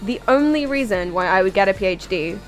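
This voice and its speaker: A young British woman chats with her viewers during a game stream, drifting from one tangent to the next with jokes along the way. She sounds tired but keeps talking in an easy, mid-pitched voice. Faint game music plays softly underneath. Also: lively intonation, a little fast. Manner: rambling, tangential, jokey. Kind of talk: casual chat with viewers while gaming.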